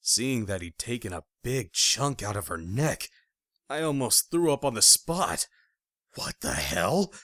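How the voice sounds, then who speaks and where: A man narrating a thriller audiobook in the first person, with expressive storytelling. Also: medium pitch, unhurried, dry recording, studio quality.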